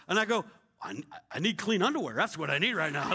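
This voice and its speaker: A middle-aged male pastor telling a story in a sermon, acting out the dialogue with shouts and laughter. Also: sits high, big pitch swings, fast, a little hiss or hum.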